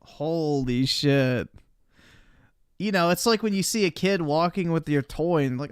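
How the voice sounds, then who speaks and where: Smooth-voiced man mocking on stream. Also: on the high side, measured pace, no room sound, studio quality. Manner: crude, mocking, blunt. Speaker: streamer reacting to a video with chat. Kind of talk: casual livestream commentary.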